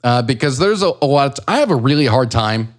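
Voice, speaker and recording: A man's voice: mid-range voice, expressive, quick pace. Swearing, rambling podcast co-host man. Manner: rambling, profane, self-deprecating. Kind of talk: casual chat.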